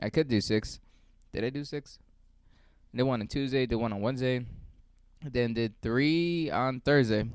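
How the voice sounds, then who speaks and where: A man's voice: medium pitch, normal speed, long pauses, clean tone, dry recording. A young man, a stand-up comedian, rambling through a casual vlog with lots of swearing and self-mockery. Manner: rambling, profane, self-mocking.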